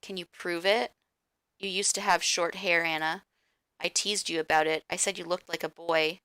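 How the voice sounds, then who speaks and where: A woman voicing a troubled young man who speaks in a flat, detached way. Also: lowish voice, normal speed, clear, resonant tone, no room sound.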